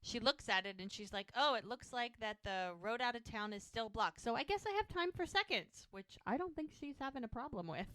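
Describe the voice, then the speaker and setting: A woman's voice: a little high, expressive, a little fast, few pauses, bright, forceful tone, no echo, clean studio sound. A woman co-hosting a podcast, retelling TV scenes in casual chat and quoting the characters' lines. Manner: retells scenes with quoted dialogue. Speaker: podcast co-host.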